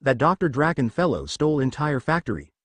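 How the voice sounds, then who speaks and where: A man's voice: on the high side, sing-song, fairly quick, no echo. A man voicing a kindly, mildly lecturing middle-aged father in a read-aloud story, close to his own voice. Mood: fatherly.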